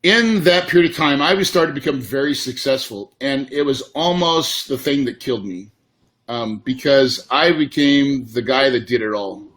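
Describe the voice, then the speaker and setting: A man's voice: medium pitch, normal speed, a bit bright. A middle-aged man, a real estate investor, telling a candid personal story in a casual, emotional way. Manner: casual, emotional, says dude and man often.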